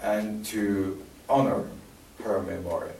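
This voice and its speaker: A man with a French accent giving a live talk to an audience in a library room, telling stories with halting restarts and fillers. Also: fairly low pitch, steady tone, a little mellow, a little hiss or hum. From France. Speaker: speaker giving a presentation. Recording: roomy distant live recording.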